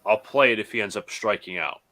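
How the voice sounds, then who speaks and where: A man's voice: fairly low pitch, fairly quick, bright, forceful tone. Blunt, frustrated man in fan chat. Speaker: live watch-along co-host.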